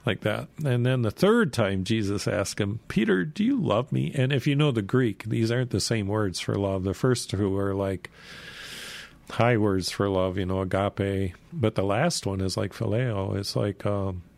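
Gravelly low-voiced man retelling Bible stories. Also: unhurried, darkish tone, dry recording. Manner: rambling, chuckles while telling the story. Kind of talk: casual Bible story retelling.

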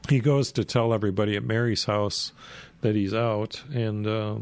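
A man with a gravelly voice casually retelling a Bible story, rambling and chuckling as he goes. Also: on the low side, flat delivery, moderate pace, darkish tone.

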